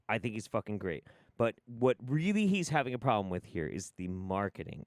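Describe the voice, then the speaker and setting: Animated, profane, low-voiced male streamer. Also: no room sound. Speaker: livestream host. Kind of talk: livestream commentary.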